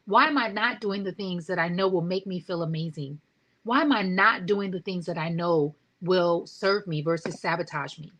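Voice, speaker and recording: A woman in her forties hosting a motivational talk show, speaking with excited energy and asking her listeners rhetorical questions. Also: fairly low pitch, rough recording. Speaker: host.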